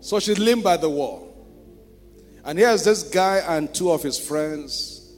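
A man with a Nigerian accent preaches a sermon, his fairly high voice pulling the congregation in with rhetorical questions. He drops to a hush for stories, then rises to shouting. Long reverb from a large hall and soft music sit behind him. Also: lively intonation, slow. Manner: swings between hushed storytelling and loud shouting. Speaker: pastor.

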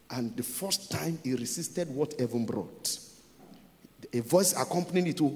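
A man's voice: medium pitch, measured pace, a little mellow, long reverb tail. A Nigerian man preaching a sermon as a pastor, repeating phrases for emphasis.

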